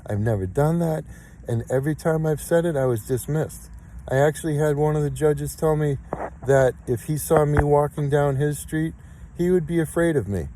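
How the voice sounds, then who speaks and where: A man's voice: fairly high pitch, moderate pace, warm tone, slight background noise, low-quality recording. Aggrieved man in his fifties. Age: 50s. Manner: aggrieved, insistent, repeats his points. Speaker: complainant recording his case. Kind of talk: emotional spoken monologue.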